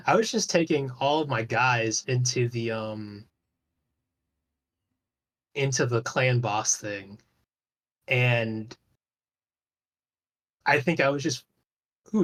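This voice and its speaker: A man talking as a guest on a podcast in a loose, rambling way, swearing casually and restarting his sentences often. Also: mid-range voice. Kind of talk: casual chat about an online game.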